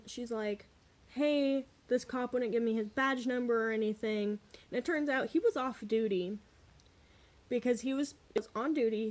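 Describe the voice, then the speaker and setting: A young adult woman telling a candid, animated story in a casual vlog, swearing freely as she goes. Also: mid-range voice. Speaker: vlogger.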